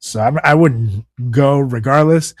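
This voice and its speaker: A man co-hosting a casual podcast, reading news items aloud and breaking off into profane, sarcastic rants. His voice sits in an ordinary middle pitch. The sound is dry and close to the mic. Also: measured pace, no echo. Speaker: podcast co-host.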